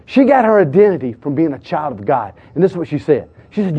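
Male pastor, sermon storyteller, slightly high voice, animated delivery with loud and hushed turns, dull dry recording. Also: quick pace, husky. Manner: animated, shifts between loud exclamations and hushed asides.

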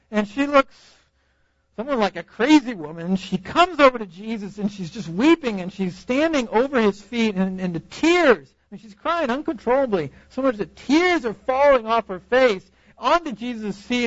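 Young male preacher, storyteller, bright high voice with big swings, dry close sound. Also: no echo, highs cut off. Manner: storytelling, animated, acts out reactions with laughs. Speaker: youth conference speaker. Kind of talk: preaching a sermon.

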